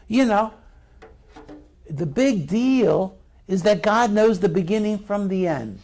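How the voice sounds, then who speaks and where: A man's voice: high-pitched, lively intonation, moderate pace. A middle-aged male pastor preaching a sermon in a conversational way, asking the congregation questions.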